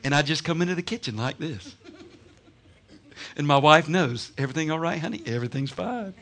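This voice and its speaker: A man preaching a sermon, telling stories with bursts of laughter and shouting. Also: on the high side, brisk. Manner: animated storytelling, laughing and shouting. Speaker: pastor.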